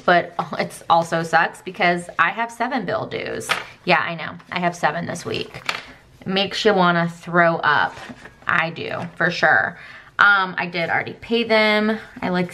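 Young woman rambling thru her planner, lotsa ums, bright forceful voice, kinda low. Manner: chatty, rambling, many fillers and self-asides. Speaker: planner vlogger. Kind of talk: casual chat while planning.

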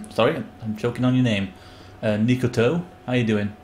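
A man's voice: medium pitch, normal speed, a little mellow, slight background noise. A man streaming a game live, rambling and joking with his chat and yelping when things go wrong. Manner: rambling, jokey, breaks into yelps when panicking. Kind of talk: live gameplay commentary.

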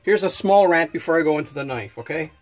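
A man's voice: a little high, expressive, fast talker, faint music behind. Rambling man ranting over an unboxing. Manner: rambling, many restarts and fillers, gets worked up. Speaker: knife reviewer. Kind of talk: casual unboxing review with a rant.

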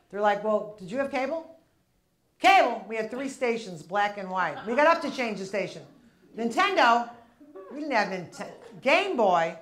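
With a medium-pitched, slightly bright voice, a woman in her fifties delivers brash, punchy stand-up at a comedy club. She plays off the crowd, and audience laughter can be heard behind her.

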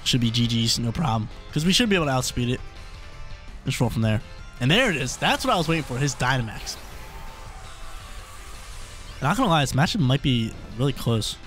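Gaming host, male, mid-range voice, chatty play-by-play commentary, throat a little rough, soft music under him. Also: medium pitch, fairly quick, long pauses. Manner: excitable, chatty, thinks out loud. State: coughing, throat irritated. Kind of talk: live commentary on a video game battle.

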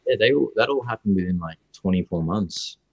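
A man's voice: deep voice, a little fast, slightly rough, dry recording, dull audio. A young Australian man, an actor guest, telling stories in a casual interview with rambling restarts. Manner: rambling, restarts often, lively storytelling.

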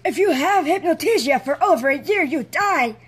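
A woman's voice: sits high, lively intonation, moderate pace. A woman as a blunt young princess. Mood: matter-of-fact.

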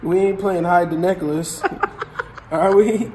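A man's voice: sits high, takes it slowly, darkish tone, slight background noise. A man hosting a casual vlog as he goes through storage unit finds, talking in a joking, teasing way. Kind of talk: casual chat.

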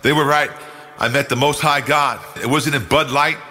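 A man's voice: a little high, fairly even intonation, normal speed, bright, forceful tone. An older man from New York telling his personal testimony in an earnest, emphatic way. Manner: earnest, emphatic, acts out quoted speech. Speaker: guest giving a testimony. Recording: long hall reverb.

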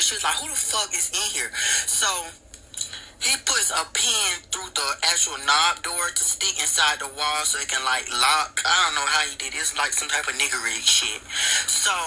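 A man telling a story in a casual, profane and animated way, acting out the lines of the people in it. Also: on the high side, moderate pace, slight background noise, rough recording. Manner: profane, animated retelling with quoted dialogue.

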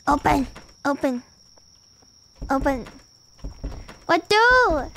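Very high-voiced playful woman streamer. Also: expressive, unhurried, pauses often, fairly bright tone. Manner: playful, dramatic exclamations, chatting with viewers. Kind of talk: casual gaming livestream.

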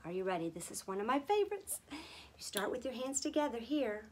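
A woman leading a gentle music and sign-language lesson for small children, speaking softly and slowly, often dropping to a whisper. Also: a little high, big pitch swings, slight background noise. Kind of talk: gentle teaching for toddlers.

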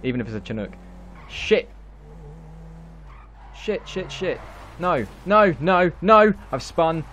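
A man hosting a gameplay session, with a high voice that swings wildly in pitch. He talks slowly and with a bright, clear tone, laughing and exclaiming at every mishap. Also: sing-song, slight background noise. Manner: laughs constantly, exclaims and swears. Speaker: gaming video host. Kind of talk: excitable live gameplay chat.

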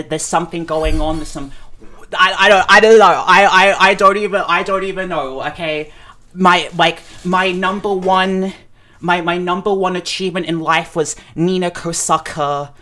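An overwhelmed streamer reacting live, close to tears. The voice sits at a middling pitch and keeps stammering and repeating words. The talk is excitable and full of swearing.

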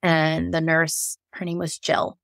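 A young woman with a low, gravelly voice tells her own story as a podcast guest. She talks candidly and animatedly, acting out the voices of others along the way. The sound is close and dry, with no room around it. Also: slow pace, no room sound. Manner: lively, quotes herself, frequent laughs.

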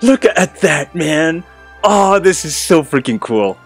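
A man hosting an unboxing video, talking viewers through each piece with fillers and sudden shouts of excitement. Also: on the high side, slow pace, husky, soft background music. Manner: many fillers, addresses viewers.

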